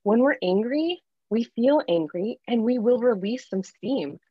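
Middle-aged woman podcast guest, earnest and animated, with a slightly muffled, dry recording. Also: a little high, a little slow, breathy edge, no room sound. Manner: earnest, animated storytelling with filler ums. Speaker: guest life coach. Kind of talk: podcast interview, candid personal story.

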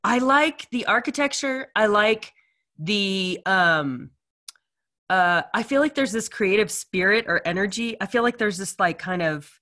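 A middle-aged woman co-hosting a casual chat, talking in a chatty, halting way with many fillers. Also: medium pitch, animated, bright, forceful tone. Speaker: co-host. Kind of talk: casual chat, reading reviews aloud.

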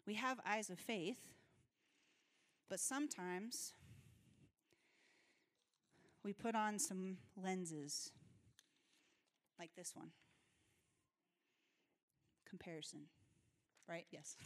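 A woman pastor preaches in an easy, conversational way, earnest and quick to laugh. Her voice sits at an ordinary middle pitch. Long reverb hangs after her words, as in a church hall. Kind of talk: sermon. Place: church sanctuary.

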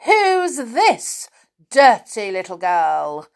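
A woman playing a loud, deaf saucepan man. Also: huge pitch swings, takes it slowly, heavily acted. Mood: indignant. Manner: loud, high, mishears everything. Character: deaf, cheerful little man covered in clanking saucepans.

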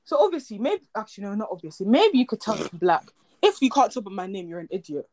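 A woman's voice: mid-range voice, big pitch swings, fast, darkish tone. A young woman, co-hosting a casual chat podcast, rambling and jokey and losing her train of thought. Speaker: podcast co-host.

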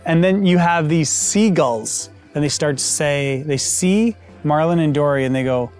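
A pastor giving a conversational sermon, relaxed and explanatory with frequent fillers. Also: male voice, fairly high pitch, a little slow, faint music behind.

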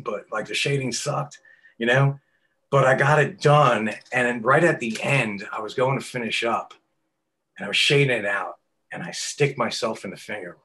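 A middle-aged man, a tattoo artist telling stories in an interview, swearing often and acting out quotes loudly. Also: medium pitch. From New York. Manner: animated, profane storyteller who acts out quotes loudly. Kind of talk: casual storytelling interview.

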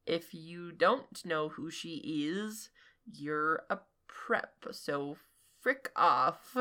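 A woman's voice: deep voice, very slow, sharp tone. A woman co-hosting a podcast, reading a fanfic aloud and breaking off with giggly, incredulous asides. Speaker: podcast co-host.

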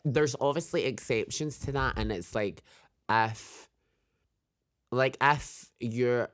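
A man's voice: mid-range voice, takes it slowly, fairly bright tone. Chatty man co-hosting a podcast. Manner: chatty, laughs often, trails off with "like". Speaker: podcast co-host. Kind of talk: casual chat.

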